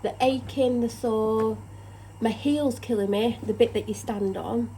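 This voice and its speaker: A woman's voice: on the high side, steady tone, unhurried, dark tone, slight background noise, low-quality recording. Tired, chatty woman in a kitchen. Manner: rambling, chatty, self-deprecating. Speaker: vlogger. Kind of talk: casual chat. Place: home kitchen, indoors.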